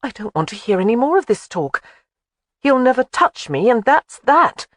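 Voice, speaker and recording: A woman's voice: fairly high pitch, big pitch swings, no echo, clean studio sound, voice pushed up. Narrator voicing a stubborn spirited young woman. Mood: insistent. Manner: headstrong, quick to argue. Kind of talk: audiobook character voice.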